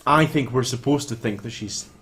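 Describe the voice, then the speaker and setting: A man co-hosting a casual film chat, retelling scenes with animated storytelling and frequent swearing. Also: mid-range voice, normal speed. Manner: animated storytelling, swears freely, quotes characters in little voices. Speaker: podcast co-host.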